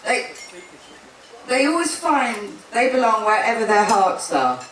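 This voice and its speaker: The bride's twin sister gives a chatty wedding speech at an indoor gathering, her somewhat high, sing-song voice moving a little slowly with a fairly bright tone. She laughs often and cuts herself off mid-sentence. The room is echoey and she stands far from the mic.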